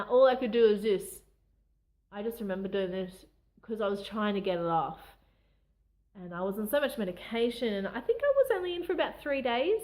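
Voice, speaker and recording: A young woman, telling a personal story to camera in a candid, emotional way, often restarting her sentences. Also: medium pitch. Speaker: vlogger.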